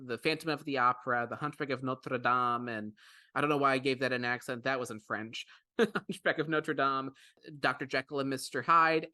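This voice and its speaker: A man's voice: mid-range voice, bright, forceful tone, no room sound. A man co-hosting a podcast, talking in an enthusiastic, rambling way with many restarts. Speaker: podcast co-host. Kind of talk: casual podcast chat.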